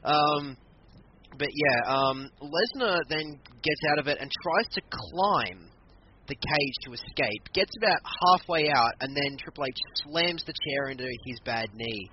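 A man co-hosting a casual podcast, recapping a wrestling match in an animated way and acting out what people said. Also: mid-range voice. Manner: animated, laughing, acts out quotes. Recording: muffled lo-fi recording with clear background noise.

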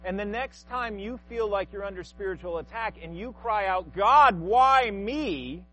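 A man's voice: high-pitched, normal speed, a bit bright, a little hiss or hum, low-quality recording. A man, a pastor, preaching a sermon with rhetorical questions and acted-out quotes.

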